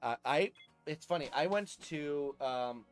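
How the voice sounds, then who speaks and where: A man's voice: fairly high pitch, expressive, unhurried, faint music behind. A man in his twenties with a New Jersey accent, chatting casually on a live game stream, rambling and chuckling, with lots of fillers and restarts. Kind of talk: casual live-stream chat while gaming.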